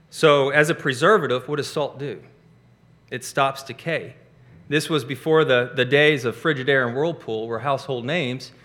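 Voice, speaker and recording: With a fairly high pitch for a man, a pastor delivers his sermon brightly and forcefully. Rising, emphatic stresses drive every point home.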